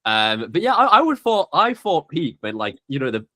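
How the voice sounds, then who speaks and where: A young man hosting a casual podcast chat, animated and teasing, jumping his pitch for emphasis. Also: normal speed. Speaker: podcast host.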